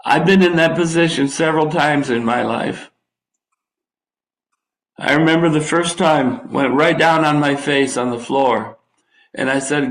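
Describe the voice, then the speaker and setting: A man's voice: a little high, a little slow, long pauses, rough recording. An older man preaching a sermon, reading scripture and breaking off into folksy, wry asides to his listeners. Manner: folksy, drawling Bible teaching with asides.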